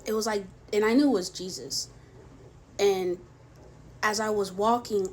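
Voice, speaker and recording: A young woman telling a personal faith testimony in a soft, halting way, with many pauses and restarts, tearful at times. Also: medium pitch, a little hiss or hum. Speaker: vlogger sharing a faith testimony. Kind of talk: personal testimony, emotional storytelling.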